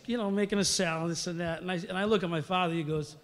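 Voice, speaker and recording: A middle-aged man tells rambling stories into a podium microphone, full of fillers and restarts. His voice sits a bit high for a man. A long reverb from the big hall trails each phrase. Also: steady tone, quick pace, hardly any pauses. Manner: rambling, storytelling, many fillers. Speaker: hall of fame inductee. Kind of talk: acceptance speech.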